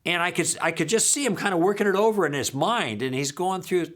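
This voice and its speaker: A man's voice: sits high, quick pace. A man giving a recorded teaching talk, telling stories from his own conversations and acting out both sides, often checking in with the audience by asking "okay?". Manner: animated storyteller who acts out dialogue and checks in with "okay?". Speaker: apologetics teacher.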